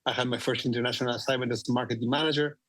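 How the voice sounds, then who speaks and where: A man's voice: medium pitch, steady tone, rapid-fire, fairly bright tone, no echo. A man in his forties with an Argentinian accent, a guest talking about his career with many "you know" fillers. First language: Spanish. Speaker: guest executive. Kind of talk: conversational interview.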